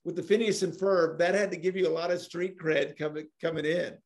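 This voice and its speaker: A man hosts a podcast conversation, keeping it relaxed and friendly. His voice sits a touch higher than most men's. He asks curious follow-up questions to draw his guest out. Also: fairly quick. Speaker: podcast host. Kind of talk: casual interview chat.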